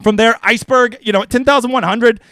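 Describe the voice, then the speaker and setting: A man streaming fantasy golf picks in casual livestream commentary, brash and profane, excitable and jokey. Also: very high-pitched, fast, no echo. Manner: excitable, with mock voices.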